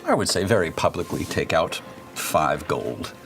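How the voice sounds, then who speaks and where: Male player, low and slow, polite and hesitant. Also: sing-song, gravelly, fairly bright tone, faint music behind. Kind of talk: in-character tabletop play.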